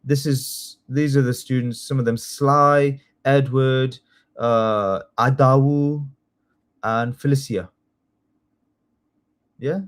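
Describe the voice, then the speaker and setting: A man teaching a live online test-prep class, chatty and excitable, often apologizing as he goes. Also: mid-range voice, slow pace, long pauses, clean tone. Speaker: citizenship test tutor.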